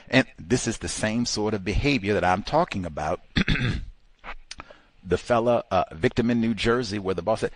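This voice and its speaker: A man's voice: fairly low pitch, expressive, moderate pace, breathy edge, no echo. A man hosting a talk show, giving impassioned, emphatic commentary full of exclamations and rhetorical questions. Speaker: host.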